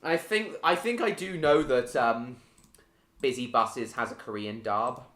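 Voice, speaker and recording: A man's voice: medium pitch, a little slow, fairly bright tone, reverberant. A man chatting casually on a live stream while gaming, answering viewers by name with many hesitant ums.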